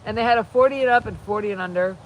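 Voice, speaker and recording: A woman's voice: mid-range voice, racing. A woman hosting a casual live stream outdoors, rambling and chatting while she reads viewer comments aloud. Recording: distant mic with faint background noise.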